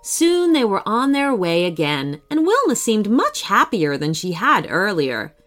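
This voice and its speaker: A woman narrating a children's story gently, switching voices for each character. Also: medium pitch, big pitch swings, a little slow, faint music behind.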